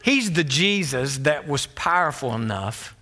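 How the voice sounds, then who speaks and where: A man delivering a sermon to his congregation, his voice bright and forward. He sits slightly above the usual male pitch and builds in bursts of emphasis, stumbling into quick restarts as he presses his point. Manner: emphatic, rising to excited peaks, with stammered restarts. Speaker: pastor.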